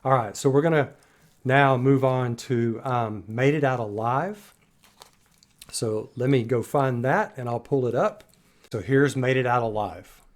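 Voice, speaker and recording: Speaking at a medium pitch and an unhurried pace, this man reacts to music with casual commentary. As he muses and analyzes, he keeps restarting and repeating words.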